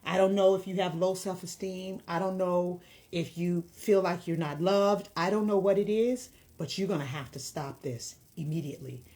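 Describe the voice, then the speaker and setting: A woman offering counseling hosts a commentary video, speaking to camera with a blunt, impassioned, lecturing tone. Her fairly low, dark voice keeps a moderate pace with few pauses.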